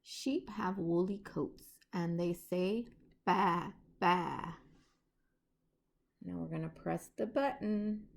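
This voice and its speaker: A young woman reading a picture book aloud to a child, slow, gentle and coaxing. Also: lowish voice, vocal fry.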